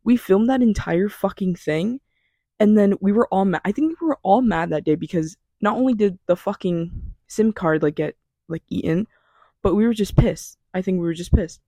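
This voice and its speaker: A woman's voice: mid-range voice, moderate pace, mellow, no room sound. A young woman hosting her own podcast alone from her bedroom, chatting in a scattered, self-deprecating way and swearing casually. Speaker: podcast host. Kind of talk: rambling solo podcast chat. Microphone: small mic.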